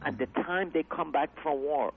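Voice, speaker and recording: Heard through thin, phone-style radio sound, the man speaks at normal speed in a slightly high voice with vocal fry. He owns a comedy club and rambles earnestly through a casual interview in grammatically broken English.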